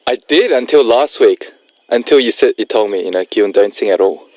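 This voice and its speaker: A man's voice: on the low side, lively intonation, brisk, a little mellow, poor audio. A man co-hosting a casual radio chat, teasing and joking with the others. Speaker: radio co-host.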